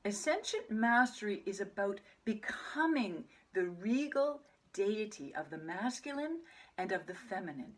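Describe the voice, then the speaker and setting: A woman teaching a meditation practice, speaking softly and calmly, often sinking to a breathy near-whisper. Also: measured pace. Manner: soft, calm delivery that drops into breathy near-whispers; chants mantras in a low murmur. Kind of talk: spoken meditation teaching to camera.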